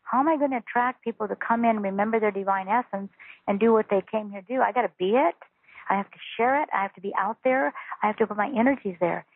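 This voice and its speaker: A woman, a spiritual teacher, talking calmly and earnestly as a guest on a phone interview. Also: medium pitch, fast talker, no echo. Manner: calm, earnest, instructive. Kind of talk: interview over a phone call. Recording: tinny phone line.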